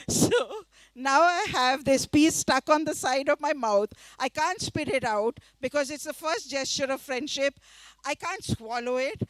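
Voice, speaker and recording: Woman from India, middle-aged author, lively storytelling, high voice, dry close sound. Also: slow, dry recording. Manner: animated storytelling with quoted voices and laughter. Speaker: author giving a reading. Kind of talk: storytelling talk at a literature festival. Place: festival session before a live audience.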